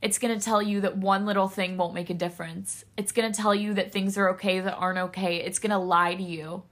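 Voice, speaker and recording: A woman's voice: mid-range voice, fairly even intonation, brisk, a bit bright. A woman hosting a solo podcast, speaking in a raw, candid way, emotional and close to tears, swearing freely. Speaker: podcast host.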